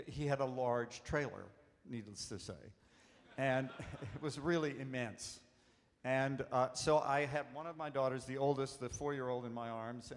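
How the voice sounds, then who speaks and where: A man, an actor, telling animated anecdotes at a convention panel, acting out the voices in his stories. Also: mid-range voice. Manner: warm, animated storyteller acting out quotes. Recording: echoey convention hall.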